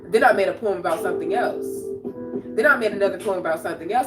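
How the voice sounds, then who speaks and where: A woman talks on her livestream in a raw, confrontational way, circling back over the same phrases. Her voice sits at an ordinary middle pitch and comes from some distance off the mic. The room rings with echo, and clear music plays underneath. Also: animated, brisk. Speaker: poet and livestream host. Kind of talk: emotional livestream monologue.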